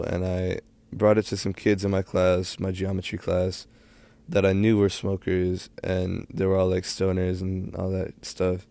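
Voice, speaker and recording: A teenage boy telling a casual story in a rambling way, full of fillers and quick bursts of speech. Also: low voice, vocal fry, mellow, no echo. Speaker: storytime vlogger.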